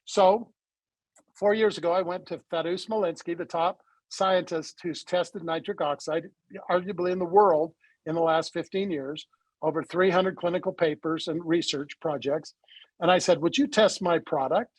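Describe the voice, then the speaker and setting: High, husky-voiced man telling a story. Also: normal speed, no room sound, poor audio. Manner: animated storyteller who acts out quoted dialogue. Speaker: interview guest, supplement company founder. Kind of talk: conversational interview storytelling.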